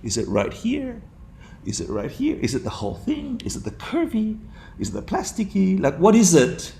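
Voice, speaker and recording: A man's voice: high-pitched, wildly swooping pitch, normal speed, gravelly, mellow, a little hiss or hum. A man teaching a dharma class to a room of students, playful, laughing often and putting questions to them.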